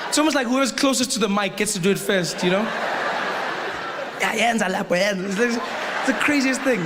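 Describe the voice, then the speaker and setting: A South African man doing stand-up comedy, telling animated stories and playing with accents. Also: high voice, normal speed. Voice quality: animated storyteller, plays with accents. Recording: live club set with audience noise.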